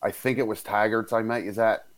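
A man telling a story in casual chat, relaxed and rambling, with halting restarts. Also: on the low side, no room sound.

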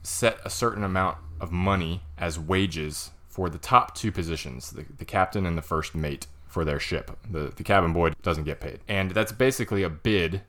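A man's voice: sits low, moderate pace, few pauses, a bit bright. A man hosting a casual board game review, explaining the rules step by step and laughing easily. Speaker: podcast host.

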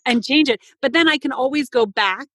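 A woman's voice: high-pitched, brisk, fairly bright tone, slightly rough, no echo. A woman in her thirties, a mother and coach, chatting with enthusiasm and casual swearing. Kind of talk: casual chat.

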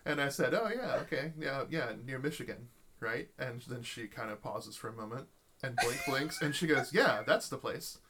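A man's voice: mid-range voice, normal speed. A man casually telling a long anecdote in a chat, acting out the people he quotes. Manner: animated storytelling, acts out quoted voices. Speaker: storyteller in a podcast chat.

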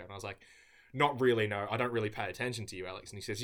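A man giving a mock-earnest, deadpan comedic debate speech. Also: fairly low pitch, fast talker.

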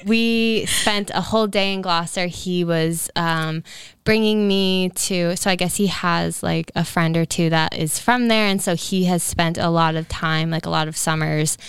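A woman's voice: on the low side, unhurried, clean tone, dry recording, studio quality. A young woman in her twenties telling a rambling personal story on a casual podcast, filling it with "like" and "um". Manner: rambling storyteller, heavy use of "like". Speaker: podcast co-host. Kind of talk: casual chat.

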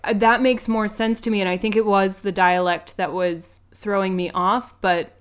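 Smooth-voiced woman chatting on a podcast. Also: medium pitch, level tone, moderate pace. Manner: casual, easygoing reactions. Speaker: podcast co-host. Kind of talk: casual film discussion.

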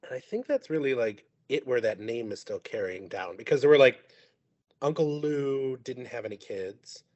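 A man's voice: mid-range voice, moderate pace, muffled recording. A man talking as a guest on a podcast, telling family stories in casual chat, acting out what other people said and laughing often. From Sicilian family heritage. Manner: animated storyteller, acts out quoted people, laughs often.

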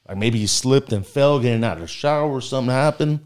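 A man's voice: medium pitch, fast, a little mellow, clean tone. A man casually telling a story as a guest, rambling and full of filler words.

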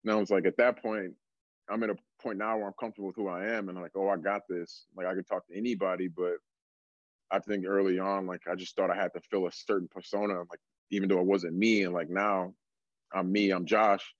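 A young adult man with a fairly low voice talks through his coaching stories in an easygoing, rambling way, peppering everything with "like". The sound is dry and a little dull, as if from a lo-fi recording. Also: fairly quick, no echo. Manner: relaxed storytelling, many fillers like "like". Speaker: strength coach. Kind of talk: casual podcast conversation.

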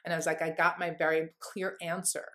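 A woman's voice: low voice, flat delivery, brisk, bright, forceful tone, slight background noise. A woman guest in an interview telling a candid personal story in an earnest, rambling way, full of "like" fillers. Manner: rambling, heavy use of "like" fillers; earnest, heartfelt.

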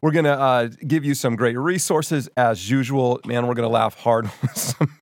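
A man's voice: medium pitch, fairly even intonation, moderate pace, no room sound, studio quality. A man co-hosting a podcast in casual chat, who has covid and laughs often. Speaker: podcast co-host.

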